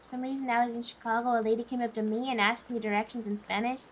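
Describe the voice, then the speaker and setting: A young woman streaming late at night, chatting casually with viewers, tired but giggly and animated. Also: fairly high pitch, quick pace, a little hiss or hum. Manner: giggly, animated, often laughs.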